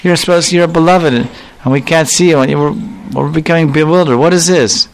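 A heartsick young village milkmaid pours out her longing, pitched higher and pleading, as a male preacher acts her out. The voice stays smooth and clear while she swings between humble begging and sharp reproach. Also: fairly even intonation, measured pace, natural voice, low-quality recording. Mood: reproachful.

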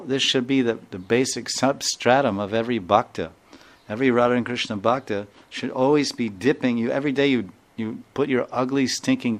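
A man speaking as a spiritual teacher, giving a devotional talk full of storytelling and repeated phrases. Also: medium pitch. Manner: warm storytelling with repeated phrases and quoted dialogue.

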